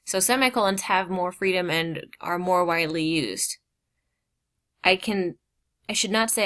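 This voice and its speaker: A woman teaching a grammar lesson. She explains slowly, stresses key words and drops casual asides. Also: fairly low pitch, animated, fairly bright tone.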